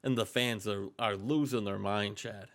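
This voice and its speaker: A man's voice: fairly low pitch, fairly even intonation, normal speed, fairly bright tone. Dude running a wrestling sim recap, jokey and sweary, hype-man vibe. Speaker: co-host narrating a wrestling game booking. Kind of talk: casual gaming commentary.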